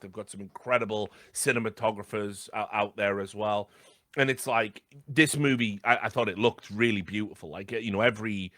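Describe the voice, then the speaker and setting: Man, podcast co-host, bright tone, dry close sound, casual film chat. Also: fairly low pitch, no echo. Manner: rambling, hesitant, many fillers.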